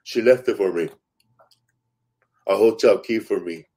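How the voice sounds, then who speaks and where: A stand-up comic with a fairly low, slightly breathy voice tells stories at a measured pace in casual conversation. He's an animated storyteller who acts out quotes and swears freely.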